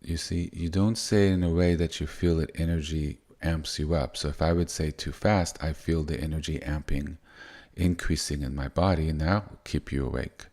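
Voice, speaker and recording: A man giving a gentle spiritual teaching in a soft, unhurried way that wanders and restarts. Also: a bass voice, fairly even intonation.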